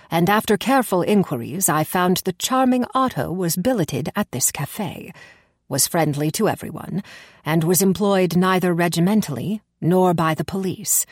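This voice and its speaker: A woman reading the part of a pale, nervous male spy clerk, speaking in a measured, grim, confiding way. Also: on the low side, a little mellow, dry recording, clean studio sound.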